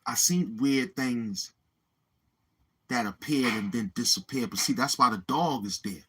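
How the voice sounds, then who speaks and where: A man's voice: medium pitch, unhurried, fairly bright tone, husky, low-quality recording. A man chatting casually on his livestream, rambling and swearing as he talks straight to his viewers. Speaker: YouTube livestreamer.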